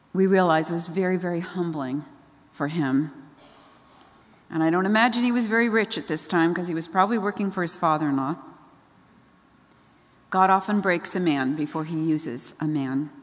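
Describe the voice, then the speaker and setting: A woman preaching a sermon in a conversational way, often asking her listeners questions. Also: fairly low pitch. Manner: conversational, asks the audience questions. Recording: long reverb of a large hall.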